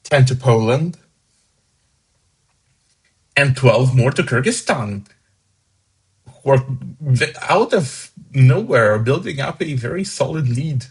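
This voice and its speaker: This is live commentary on fan song contest votes, captured in low quality. The male host has a medium-pitched, expressive, breathy voice and speaks slowly with long pauses, staying casual and chatty as he reads each voter's points and sounds upbeat about the scores.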